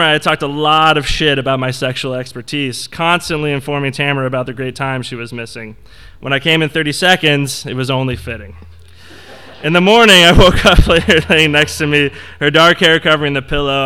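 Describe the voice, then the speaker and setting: A man's voice: mid-range voice, bright, forceful tone, clear, resonant tone. A young man reading his personal essay aloud to an audience, wry and reflective. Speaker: essay reader.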